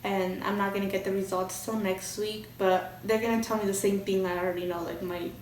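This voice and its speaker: A woman's voice: mid-range voice, flat delivery, fairly quick, a little hiss or hum. A young woman vlogger telling a storytime in a candid, chatty way, swearing freely. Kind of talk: casual storytime. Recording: roomy echo, from a distance.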